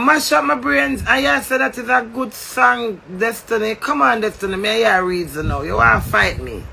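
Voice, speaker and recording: A man's voice: extremely high pitch, normal speed, vocal fry, hardly any pauses, bright, forceful tone. A man with a Jamaican accent delivering a heated, confrontational rant, swearing and lecturing.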